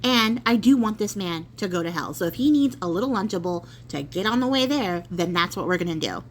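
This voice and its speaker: A woman's voice: on the low side, expressive, a little fast, slight background noise, pitched below the performer's own voice, close to an everyday voice, low-quality recording. A woman voicing the devil as an impatient, exasperated male ruler of hell in a spoken story. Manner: exasperated, bossy.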